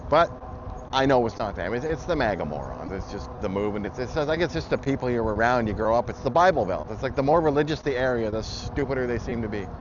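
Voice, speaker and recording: Muffled audio and loud traffic noise surround a man vlogging an angry political rant. He swears plenty and speaks heatedly and bluntly, in an expressive, medium-pitched voice at a quick pace.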